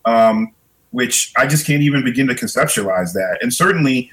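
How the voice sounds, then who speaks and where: A middle-aged man with a mid-range voice, thinking aloud in a podcast chat. He circles back and restarts his phrases as he works through an idea, in an unhurried, conversational way. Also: medium pitch, expressive, a bit bright, poor audio. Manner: reflective, repeats words while thinking. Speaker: podcast guest.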